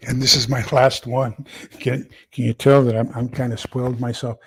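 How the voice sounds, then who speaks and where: A man's voice: medium pitch, level tone, normal speed, slightly rough. A man hosting a casual livestream, rambling with many fillers and repeated words as he reads viewer comments. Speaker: prepper channel host.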